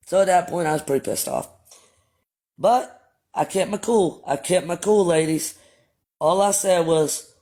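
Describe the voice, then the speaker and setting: Guy running a livestream, kinda high voice, blunt and cussy, talking to chat. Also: unhurried, long pauses, a little mellow. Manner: blunt and profane, addresses chat as y'all. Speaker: livestream host. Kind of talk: casual livestream storytelling.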